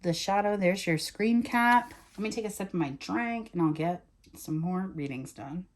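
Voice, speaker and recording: A woman's voice: on the low side, normal speed. A woman doing a casual tarot reading, chatting and thinking aloud as she turns and reads the cards. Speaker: tarot reader.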